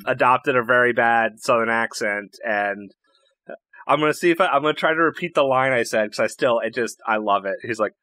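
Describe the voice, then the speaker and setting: A man's voice: mid-range voice, sharp tone, no room sound. A man chatting casually on a podcast about a tabletop campaign, searching for words as he recalls moments. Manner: halting, restarts while recalling. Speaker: tabletop game player.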